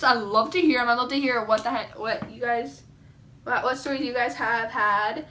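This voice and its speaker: A teenage girl chatters through a casual storytime vlog, her high voice bright and sharp. She rambles, giggles and fills her talk with "like" and "um". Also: normal speed. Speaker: vlogger.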